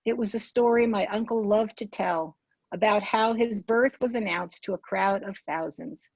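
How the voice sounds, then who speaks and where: A woman in her sixties reads from her own memoir at a calm, even pace and stops to fix the odd misread word. The sound is dry and close, with a slightly dull, lo-fi tone. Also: medium pitch, creaky, slightly rough, dry recording. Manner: measured, unhurried reading with small self-corrections. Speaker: author.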